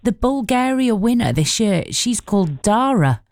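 A woman's voice: on the high side, very animated, normal speed, darkish tone, no room sound, studio quality. A woman presenting a radio show in casual chat, reading out listener messages and laughing easily.

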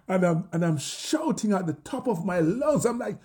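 An older man with a Jamaican accent, an interview guest telling his story vividly, acting out his own shouts and thoughts. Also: high voice, lively intonation, takes it slowly. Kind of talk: animated personal storytelling.

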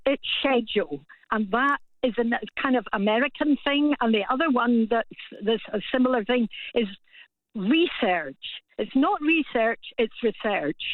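A woman's voice: high voice, no echo. A woman calling in to a radio show, chatty and given to little laughs. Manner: chatty, laughs between words. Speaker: caller. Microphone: phone. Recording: tinny phone line.

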